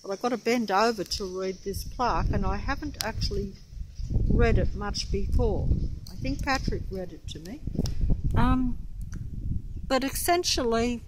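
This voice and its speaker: A woman's voice: mid-range voice, unhurried, background noise. An older woman vlogging outdoors, rambling and losing her place as she reads a plaque, often out of breath. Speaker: local history vlogger. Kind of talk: rambling walking vlog.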